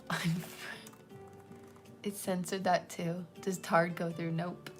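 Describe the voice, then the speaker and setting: A woman's voice: lowish voice, level tone, slow, soft background music. A woman chatting casually on a livestream as host, rambling, often dropping to a whisper and giggling.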